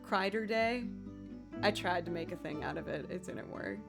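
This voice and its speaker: A young woman musician chatting casually with her livestream viewers, upbeat and quick to laugh, her voice a little scratchy. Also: on the low side, gravelly, music in the background.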